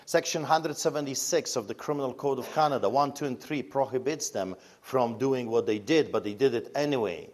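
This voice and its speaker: A man's voice: mid-range voice, a little fast, hardly any pauses, darkish tone. A man with a Polish accent, a pastor, telling his story in an interview with emphatic, fiery delivery and pointed rhetorical questions. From Poland.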